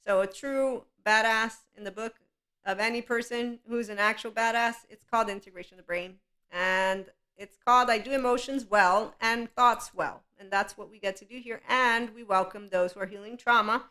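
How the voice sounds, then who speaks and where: Woman podcast host, bright and forceful, blunt storyteller who laughs often. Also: on the high side, normal speed. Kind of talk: casual monologue.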